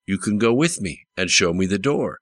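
Man reading a calm, polished young agent. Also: fairly low pitch, normal speed, pitched above the performer's own voice. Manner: calm, polite, firm. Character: smooth, calm young male federal agent. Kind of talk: audiobook character voice.

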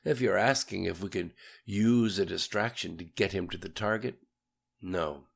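A man voicing a confident male strategist in an audiobook, brisk and self-assured. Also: low voice, gravelly. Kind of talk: audiobook character reading.

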